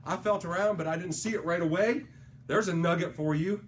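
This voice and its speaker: A man's high voice comes through fairly fast, with slight hiss or hum, during a motivational sales training talk. He spins energetic stories and punctuates his points with "right?".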